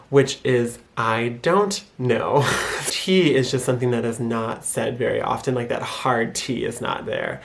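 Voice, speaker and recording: Young man, Michigan accent, casual vlogger, giggles often, exaggerates pronunciations. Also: mid-range voice. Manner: chuckles often between sentences; demonstrates pronunciations by exaggerating them. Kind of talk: casual explainer vlog.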